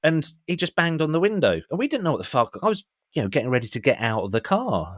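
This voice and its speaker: A British man telling a lively anecdote as a podcast guest, acting out voices and laughing as he goes. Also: on the high side, fast, dry recording, studio quality. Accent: British English. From England. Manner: animated storyteller, acts out voices, laughs often. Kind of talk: casual anecdote.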